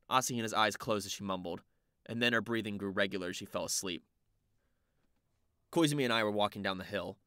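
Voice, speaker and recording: A man's voice: fairly low pitch, a little fast, sharp tone, smooth, dry recording, studio quality. A man narrating an audiobook dramatically in the first person, with a wry, exasperated manner.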